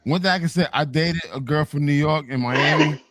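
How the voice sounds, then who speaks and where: A man co-hosting a casual chat, animated and repeating himself as he talks. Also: fairly high pitch, fairly quick. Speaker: podcast co-host.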